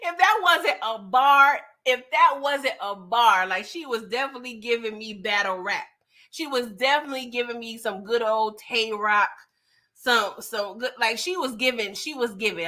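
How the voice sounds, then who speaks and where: A woman's voice: medium pitch, sharp tone. A woman giving a casual, slangy recap of a TV episode, chatty and laughing often. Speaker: TV recap reviewer.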